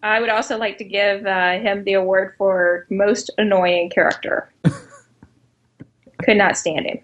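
A woman's voice: medium pitch, flat delivery, measured pace, muffled recording. Woman, podcast co-host, dry humor, teasing, casual. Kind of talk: casual movie discussion.

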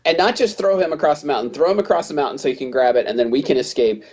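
Lively man recapping a movie, dull sound. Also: fairly high pitch, racing, breathy edge. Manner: animated, acts out characters' lines in a raised voice. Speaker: podcast co-host. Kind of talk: casual movie discussion.

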